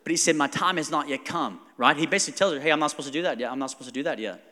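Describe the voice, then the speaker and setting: A man, a pastor preaching a conversational, animated sermon and acting out quotes. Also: on the high side, rapid-fire, long reverb tail.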